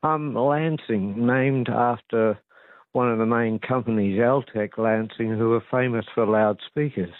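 A man's voice: mid-range voice, fairly even intonation, unhurried, no room sound. A man calling into a radio quiz, rambling and hesitant with side remarks. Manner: rambling, hesitant, full of asides. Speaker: caller. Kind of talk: phone-in quiz answer. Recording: tinny telephone line.

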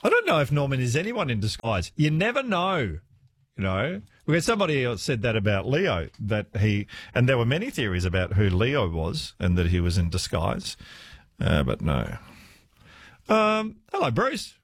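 A man's voice: mid-range voice, wildly swooping pitch, normal speed, slightly rough, no echo. A man hosting a talkback radio show, chatting with callers and laughing often. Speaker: radio host. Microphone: studio microphone.

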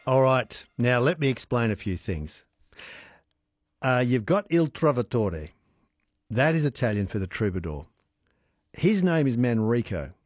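A man's voice: medium pitch, sing-song, no echo. Playful man hosting radio. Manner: playful, jokey, quick asides and laughs. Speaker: radio host. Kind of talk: evening radio chat. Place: radio studio. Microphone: studio microphone.

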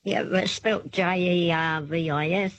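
A woman's voice: on the low side, fairly even intonation, measured pace, no room sound. An Australian woman calling in to a radio show, answering hesitantly in short plain replies. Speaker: caller. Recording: dull, dry phone line.

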